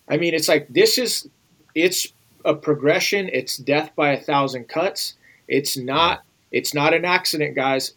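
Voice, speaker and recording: A man's voice: on the high side, a bit bright, low-quality recording. A man speaking as an interview guest, emphatic and urgent, talking straight to the viewers. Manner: emphatic and urging, addresses viewers directly. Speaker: guest, former Navy SEAL. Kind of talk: conversational interview.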